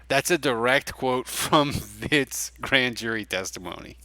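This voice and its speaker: A man's voice: medium pitch, unhurried, few pauses, sharp tone, no echo. A man co-hosting a casual sports podcast, blunt and joking, laughing often. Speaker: podcast co-host.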